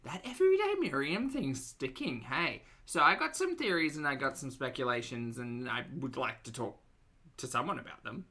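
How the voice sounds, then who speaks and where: An Australian man hosts a casual reaction livestream, loud and chatty, with a bright, forward tone and a breathy edge. His sing-song pitch swings widely at a moderate pace as he makes self-mocking jokes.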